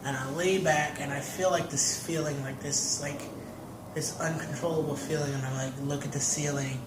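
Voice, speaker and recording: A man's voice: a little high, steady tone, moderate pace, noisy background. Rambling young man, roomy echo. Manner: rambling, fills talk with "like". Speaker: interview guest. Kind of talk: casual storytelling.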